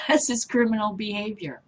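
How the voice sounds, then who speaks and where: A middle-aged woman hosting a casual vlog, reading news and commenting on it in a blunt, rambling way that drifts off topic. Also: mid-range voice. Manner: rambling, easily sidetracked, blunt and swearing.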